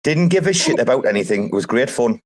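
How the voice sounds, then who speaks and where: A man hosting a casual group chat, talking in an animated, emphatic way and swearing casually. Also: medium pitch, fast. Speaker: host.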